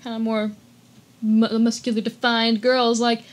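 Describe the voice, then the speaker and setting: In a casual podcast chat, a woman tells a story at an ordinary pace, her voice sitting on the high side. She's animated, peppering her speech with "like," restarting sentences, and acting out what people said.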